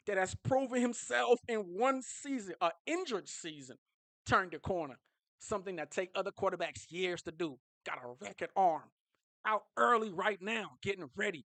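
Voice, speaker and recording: Male fan vlogger, high voice, dry close sound, fired-up repetitive rant. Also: normal speed, fairly bright tone, no room sound. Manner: impassioned and repetitive, restarting phrases.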